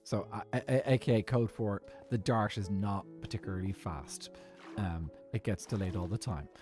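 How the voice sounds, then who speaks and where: A man with a Dublin Irish accent chatting casually while streaming a game, rambling and halting, with lots of fillers and restarts. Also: on the low side, darkish tone, faint music behind. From Ireland.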